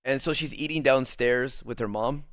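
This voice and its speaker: A man's voice: mid-range voice, moderate pace, fairly bright tone, no echo, studio quality. A young man casually telling a rambling personal story while gaming, packing his talk with "like" and acting out the people in it. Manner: rambling, filler-heavy, many "like"s. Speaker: streamer.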